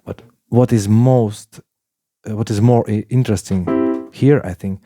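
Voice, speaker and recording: Slow-talking man teaching piano. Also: lowish voice, steady tone. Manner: non-native, halting phrasing, counts beats aloud while playing. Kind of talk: casual piano tutorial. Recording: piano playing loudly alongside.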